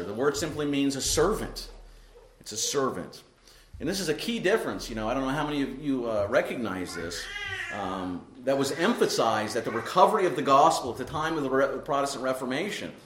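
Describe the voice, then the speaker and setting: A man's voice: medium pitch, a bit bright. A man preaching an expository sermon as pastor. He talks emphatically, repeats key words and keeps asking "right?" as he explains a passage. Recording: echoey room.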